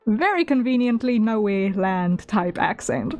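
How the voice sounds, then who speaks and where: A woman's voice: medium pitch, expressive, a little slow, darkish tone. A woman with a South African accent blended with British, chatting casually on a livestream while she draws, laughing often and making self-deprecating asides. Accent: South African mixed with British. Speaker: artist streamer. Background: faint background music.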